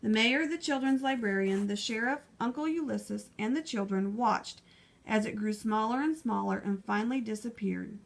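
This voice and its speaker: Woman reading a children's book, gravelly. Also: on the high side, moderate pace. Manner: lively, expressive storytelling. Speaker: audiobook reader.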